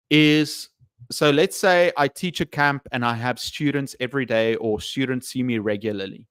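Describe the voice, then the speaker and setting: Male English teacher chatting on a live stream; hesitant, lots of fillers, smooth tone. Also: medium pitch, fairly bright tone, dry recording, clean studio sound. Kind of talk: casual live stream chat.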